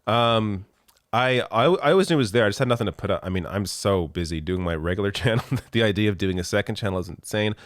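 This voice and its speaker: A man hosting a casual chat with a fairly low voice, recorded close and dry. He reads viewer comments in a laid-back way, chuckling and playing down compliments. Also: lively intonation, fast, dry recording. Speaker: host.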